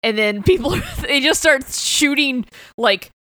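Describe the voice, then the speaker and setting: A woman's voice: high-pitched, animated, slow, bright, forceful tone, dry recording. A woman co-hosting a casual podcast, enthusiastic, often swearing and acting out quotes from the story. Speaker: podcast co-host discussing comics. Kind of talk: casual chat.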